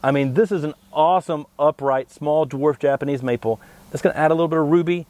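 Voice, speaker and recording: A man co-hosting a plant show, explaining tree varieties in a steady, knowledgeable way. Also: on the high side, quick pace, no echo. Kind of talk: informative product talk.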